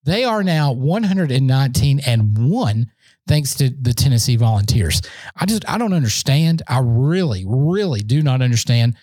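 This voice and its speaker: A man hosting a solo sports podcast, talking in an excitable, boastful fan rant while standing in a room. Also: medium pitch, normal speed, dry recording.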